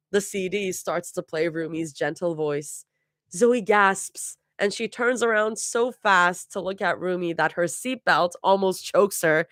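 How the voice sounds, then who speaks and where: Low-voiced woman reading a story. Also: a bit bright, no echo, clean studio sound. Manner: laughs and restarts while reading. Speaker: fanfiction reader.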